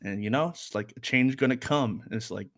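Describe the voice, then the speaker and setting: A man with a mid-range voice and a brisk pace co-hosts a casual music review chat. He rambles with plenty of fillers, keeping a wry, joking edge throughout.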